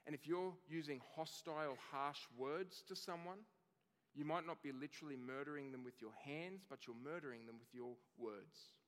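A man's voice: on the high side, normal speed, fairly bright tone, long reverb tail. A man, perhaps in his thirties, preaching a sermon earnestly and building emphasis through long lists. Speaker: pastor.

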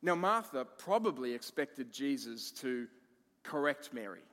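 A man preaching a sermon as pastor, expressive, moving between emphatic lines and hushed ones. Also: medium pitch, a little slow, long reverb tail.

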